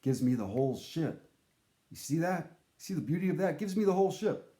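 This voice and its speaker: A man's voice: fairly high pitch, lively intonation, a little fast, dark tone, roomy sound. A man telling a casual, comic story in a rambling, profane way, often breaking off his sentences. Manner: rambling, profane, self-interrupting.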